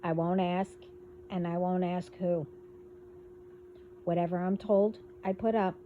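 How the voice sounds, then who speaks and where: A woman hosting a casual spiritual monologue, talking in a rambling, halting way as she delivers warnings. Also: on the low side, fairly even intonation, narrow, tinny audio, slight background noise. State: hiccups. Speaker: spiritual video host.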